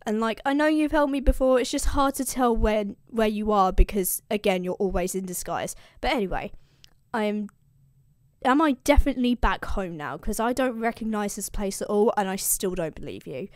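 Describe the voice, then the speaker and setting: A woman's voice: mid-range voice, moderate pace, no room sound, natural voice. A woman voicing a wary, scheming male Greek hero who talks in casual modern slang, close to her own voice.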